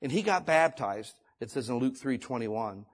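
A man's voice: mid-range voice, lively intonation, moderate pace. A male pastor preaching a conversational sermon, reading scripture and building to emphatic exhortation.

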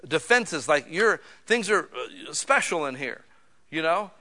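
Bright-voiced pastor swinging loud to hushed. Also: male voice, on the high side, lively intonation, measured pace. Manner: conversational preaching that swings from loud emphatic bursts to quiet, intimate asides. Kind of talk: sermon. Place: small church.

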